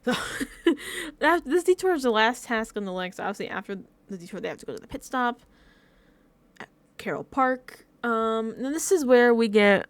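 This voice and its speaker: A woman's voice: fairly high pitch, lively intonation, normal speed, dry recording. A woman vlogging casual reaction commentary, rambling and repeating herself with lots of fillers. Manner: chatty, self-deprecating. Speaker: recap vlogger.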